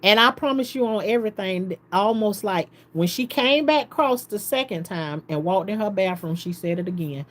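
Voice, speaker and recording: A woman's voice: mid-range voice, moderate pace, few pauses. Woman telling a story, laughing often. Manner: animated storytelling, laughs often, quotes others. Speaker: vlogger. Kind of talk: casual storytelling.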